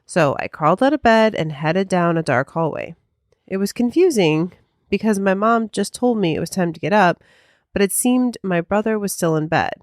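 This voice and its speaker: Chatty woman co-host, lowish voice. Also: dry recording, studio quality. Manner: rambling, hedging with "I mean" and "um". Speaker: podcast co-host. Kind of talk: casual chat and reading listener mail.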